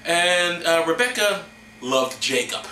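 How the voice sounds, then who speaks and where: A man hosting a comedy show, reading scripture in a hammy, mock-solemn way with deadpan asides. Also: a little high, slow pace, echoey room, a little hiss or hum, low-quality recording. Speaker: host.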